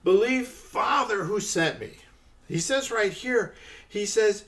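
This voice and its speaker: A man's voice: sits high, animated, a little slow, a bit bright. A man giving a conversational podcast Bible teaching, often checking in with "okay" and stressing the quoted lines.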